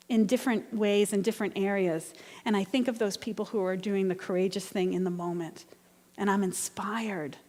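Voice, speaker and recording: A woman's voice: medium pitch, in a large hall. A woman minister delivering an earnest, conversational sermon with personal storytelling. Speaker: guest minister. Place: church sanctuary.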